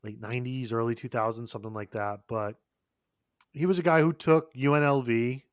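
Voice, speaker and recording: A man's voice: medium pitch, a little fast, no room sound, studio quality. A man co-hosting a podcast in casual chat, talking in long rambling runs with frequent fillers, restarts and swearing. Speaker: podcast co-host.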